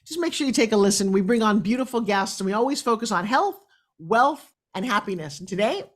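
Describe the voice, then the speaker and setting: A woman's voice: mid-range voice, animated, brisk. A middle-aged woman from New York hosting a talk show, enthusiastic and chatty as she tells stories. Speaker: host.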